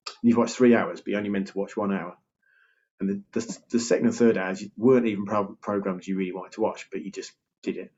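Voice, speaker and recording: A man's voice: fairly low pitch, steady tone, fast, darkish tone, dull audio. A man, a health coach talking casually and breezily to camera, full of fillers and acted-out quotes. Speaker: health and weight loss coach.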